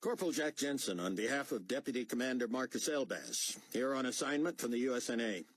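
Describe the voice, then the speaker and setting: A man's voice: medium pitch, lively intonation, fairly quick, breathy edge, dry recording, pitched above the performer's own voice. A man voicing a blunt, clipped, exasperated adult male pilot.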